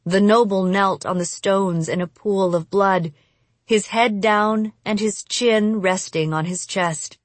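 A woman narrates a first-person audiobook in a measured, expressive way. She reads slowly at a mid pitch, and the voice is close and dry with no room sound. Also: no room sound.

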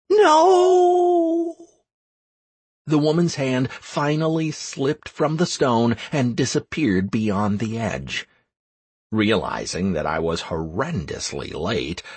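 Slow, husky male audiobook narrator. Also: mid-range voice, dry recording. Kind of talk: first-person fantasy game audiobook narration.

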